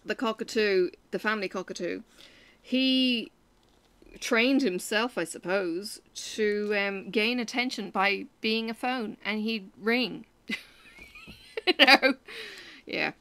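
An Irish woman, a crafting vlogger, rambles through homely stories in a relaxed, chatty way. Her voice is bright and her pitch sits in the middle for a woman. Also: slow. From Ireland. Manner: rambling, chatty storytelling with frequent fillers. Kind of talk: casual chat while stitching.

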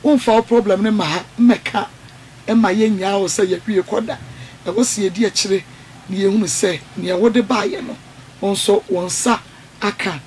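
A woman hosting a call-in radio show, giving calm advice and murmuring along while callers talk. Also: mid-range voice, moderate pace, slight background noise. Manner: calm advice with frequent mm-hmms. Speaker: radio host.

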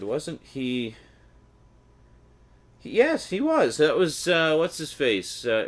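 A Canadian man chatting casually and wryly while opening a package and reading out the blurbs. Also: medium pitch. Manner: chatty and wry, reading blurbs with mock enthusiasm. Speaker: unboxing vlogger.

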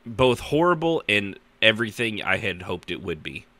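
A man's voice: fairly low pitch, big pitch swings, normal speed, sharp tone, dry recording. A tired man hosting a casual podcast chat, rambling and joking in mock outrage. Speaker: podcast host.

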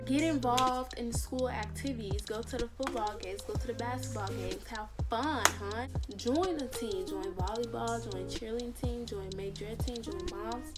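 A teenage girl with a slightly high voice delivers advice in a casual vlog. She is blunt and sassy, throwing in slang, swear words and teasing pet names like "hun". Music plays clearly behind her. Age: teens. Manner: drawls teasing asides like "hun" and "babe". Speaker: vlogger giving school advice.

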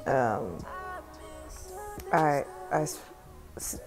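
A woman's voice: very deep voice, lively intonation, very slow, faint music behind. A young Southern woman from South Carolina, casually narrating a phone screen-recording tutorial in a rambling, profane, chatty way. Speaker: tutorial vlogger and music artist. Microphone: phone microphone.

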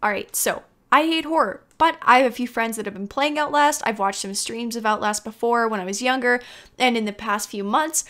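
A woman's voice: fairly high pitch, brisk, fairly bright tone. A young woman giving casual gameplay commentary, talking to herself in a jittery, anxious way and repeating her worries over and over. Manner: jittery, anxious self-talk, repeating fearful phrases. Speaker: let's play gamer.

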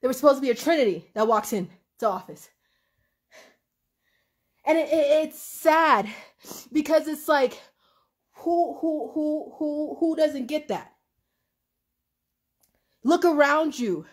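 Young woman, high voice, impassioned and profane livestream rant. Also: lively intonation, slow, pauses often. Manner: emotional, profane, swings between shouting and laughing. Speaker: livestream host.

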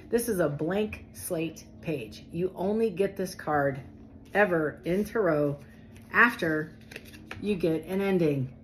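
A woman giving a casual, animated tarot reading, talking straight to her viewers in a chatty way. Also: on the low side, slight background noise, poor audio. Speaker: tarot reader.

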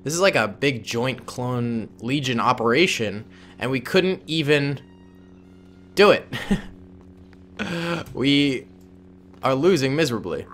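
Lively, jokey man doing game commentary. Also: medium pitch, takes it slowly, long pauses, faint music behind. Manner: playful, jokey, talks to viewers as "boys". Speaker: gaming YouTuber. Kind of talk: casual gameplay commentary.

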